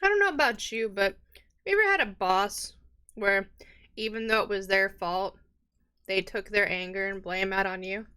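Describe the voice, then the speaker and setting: A woman's voice: medium pitch, normal speed, bright, forceful tone, smooth, close to an everyday voice. A woman game master voicing a sulky, devout male tavern keeper in a tabletop game, talking casually and a little pouty. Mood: confiding.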